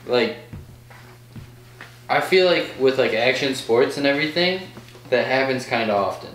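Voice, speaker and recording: A man's voice: mid-range voice, expressive, moderate pace, a bit bright, far from the mic. A man hosting a podcast, talking casually with a guest and stringing thoughts together with "like". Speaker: podcast host. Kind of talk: casual chat. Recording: echoey room with faint ambience.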